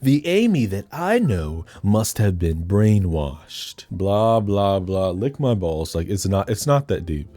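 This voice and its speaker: A man's voice: fairly low pitch, big pitch swings, slow, hardly any pauses, mellow. A man giving a casual, sassy movie recap with crude joking asides. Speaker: film recap host.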